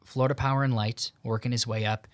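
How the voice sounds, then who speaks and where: A young man hosting a podcast, retelling a story in a relaxed, casual way with lots of fillers and quoted dialogue. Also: mid-range voice, fast, no room sound. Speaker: podcast host. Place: home in Tucson.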